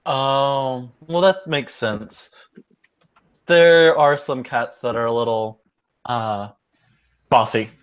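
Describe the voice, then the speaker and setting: A man's voice: mid-range voice, slow pace, pauses often, clear, resonant tone, muffled recording. A man playing a tabletop game who talks in a cheerful, giggly way. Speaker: player. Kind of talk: tabletop role-play.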